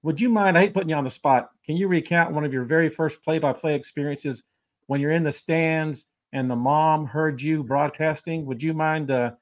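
Male co-host, slightly high voice, chatty and laughing. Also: normal speed, dry recording. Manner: chatty, laughs often, warm rambling questions. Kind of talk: casual interview chat.

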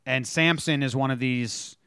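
Animated man telling sports stories. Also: mid-range voice, a little slow, clear, resonant tone, dry recording, clean studio sound. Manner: animated storytelling, acts out players' lines. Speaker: podcast co-host. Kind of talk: casual sports chat.

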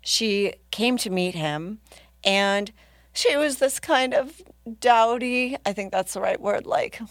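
A woman's voice: mid-range voice, takes it slowly, no room sound, studio quality. A woman guest telling a casual story, laughing often and acting out what others said. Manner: animated, laughing, acts out other people's lines. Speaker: podcast guest.

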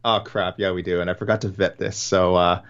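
A man co-hosting a casual podcast about fights, rambling and breaking off into quick asides. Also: deep voice, level tone, fairly bright tone. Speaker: podcast co-host. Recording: dull, lo-fi sound.

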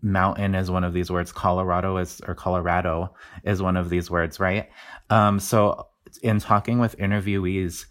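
A man's voice: deep voice, little pitch movement, moderate pace. A man speaking as a linguist guest, explaining his research in a casual, enthusiastic way, often laughing and restarting words.

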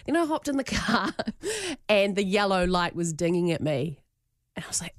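A woman's voice: fairly low pitch, fairly quick, dry recording, clean studio sound. A woman with a New Zealand accent, co-hosting a breakfast radio show and telling a story with laughs and acted-out lines. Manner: animated, laughing, acts out her own lines. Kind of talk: casual on-air storytelling. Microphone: studio microphone.

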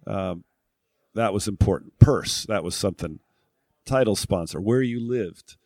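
A man's voice: on the low side, a little slow, darkish tone, no room sound. A middle-aged man from New England, a guest in a casual interview, talking reflectively and thinking aloud with many fillers and restarts. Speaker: guest, former tour golfer and broadcast analyst.

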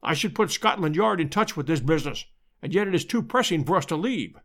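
A man's voice: a little high, animated, fairly quick, a bit bright. A man voicing a keen, decisive middle-aged detective in a storybook reading. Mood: urgent.

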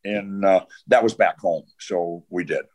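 A man's voice: low voice, a little slow, background noise. An older man, a retired coach, telling long anecdotes in a podcast interview, full of "uh" and restarts. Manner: rambling anecdotes with frequent "uh" and restarts. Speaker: guest, retired football coach.

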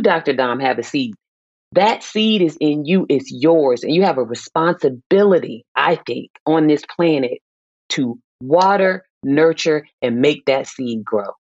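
A woman's voice: deep voice, darkish tone, breathy edge, no echo. Middle-aged woman, guest expert, impassioned and preacherly, dull close recording. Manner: passionate, emphatic, preacherly rises. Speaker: guest psychologist. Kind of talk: heartfelt podcast conversation.

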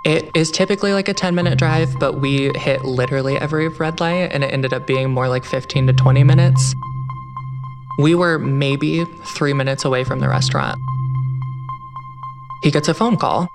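A young man telling his own true story in the first person, in an earnest, measured way. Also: a little high. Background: music.

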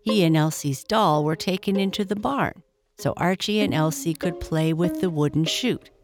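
A woman narrating a bedtime story in a slow, gentle, soft-spoken way. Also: on the low side, music in the background.

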